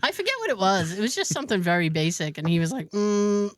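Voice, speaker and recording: A woman's voice: mid-range voice, fast talker, no echo. A woman co-hosting a podcast, telling a story in casual chat and acting out what people said. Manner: animated storyteller acting out quoted dialogue. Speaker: podcast co-host.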